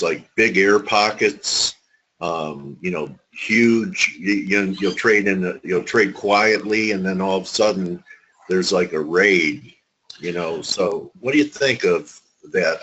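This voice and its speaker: A man's voice: sits low, a bit bright, muffled recording, a little hiss or hum. A man hosting a trading webinar, asking loose, rambling questions. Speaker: webinar host. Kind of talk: casual interview questions.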